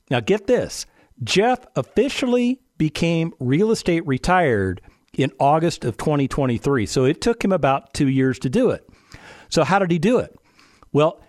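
An animated male radio host with a fairly high, lively voice that swings up and down as he fires off rhetorical questions. He breaks off for playful asides to his dog. The sound is close and dry on a studio microphone. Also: measured pace, no room sound. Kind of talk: radio talk show monologue.

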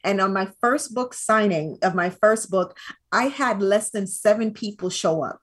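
A woman guest on an interview podcast, telling stories in an animated, expressive way. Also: mid-range voice, a little slow, husky. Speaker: interview guest, brand strategist. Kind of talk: casual interview.

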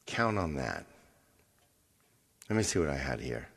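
A man's voice: rumbling low, sing-song, a little slow, creaky, fairly bright tone, in a large hall. A man hosting a live stream as its singer, chatting casually with viewers, thanking them by name and thinking aloud.

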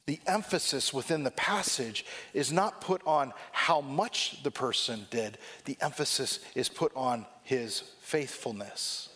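A man delivers a sermon in a somewhat high voice. He is reflective and emphatic, and he slows right down on the lines he wants to land. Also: fairly bright tone. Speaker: preacher.

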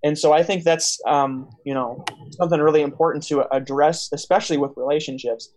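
A man's voice: on the high side, steady tone, fairly quick, darkish tone. Rambling young man telling a story. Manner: rambling storyteller with many fillers and restarts. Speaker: podcast host. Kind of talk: casual chat.

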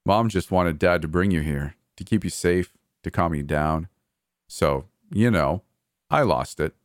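A man's voice: low-pitched, unhurried, dry recording, clean studio sound. A man voicing a cold, gleeful, murderous adult brother in a horror story, with a taunting, sneering delivery. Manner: taunting, sneering, coldly cheerful.

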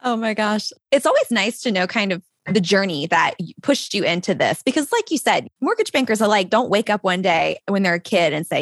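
A woman hosting an interview, asking questions and reacting with quick, animated interjections. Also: mid-range voice, no echo, clean studio sound. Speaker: podcast host.

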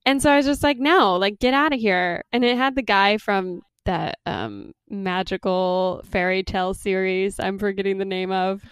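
A woman's voice: mid-range voice, moderate pace, few pauses, clean tone, no echo, clean studio sound. A woman co-hosting a casual podcast about TV shows, giving opinionated takes with frequent "like" fillers. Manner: opinionated, laughs often, "like" fillers. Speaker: podcast co-host. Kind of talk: casual chat reviewing TV shows.

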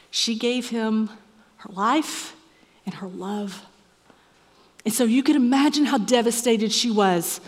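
A woman preaching a sermon in a church, earnest and measured, sometimes dropping to a soft whisper for emphasis. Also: fairly high pitch. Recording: echoey hall reverb.

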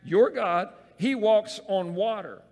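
A man preaches with real animation, acting out scenes and then dropping to a hushed, earnest tone. His voice sits a bit high for a man. A long reverb trails his words around a large hall. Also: expressive, slow. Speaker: pastor. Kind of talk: sermon.

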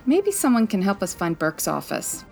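A woman's voice: mid-range voice, huge pitch swings, moderate pace, gravelly, darkish tone, faint music behind. A woman playing a confident, breezy female private detective in 1940s radio style, arch and theatrical.

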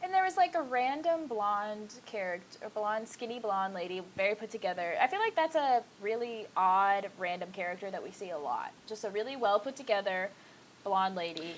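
A woman's voice: mid-range voice, animated, normal speed, a little hiss or hum, poor audio. A young woman co-hosting a casual podcast, rambling loosely with plenty of fillers, restarts and swearing. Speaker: podcast co-host. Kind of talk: casual chat.

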